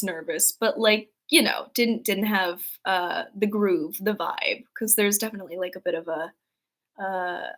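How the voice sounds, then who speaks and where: A woman hosting a casual livestream, rambling with many fillers and restarts as she reads out chat messages. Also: medium pitch. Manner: worries her flat delivery sounds sarcastic. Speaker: livestream host reading chat.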